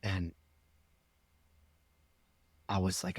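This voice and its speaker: A man's voice: low-pitched, little pitch movement, moderate pace, pauses often, a bit bright, breathy edge, no echo. A man who works as a life coach, telling a personal story as a podcast guest, earnest and rambling, acting out his past thoughts in quotes.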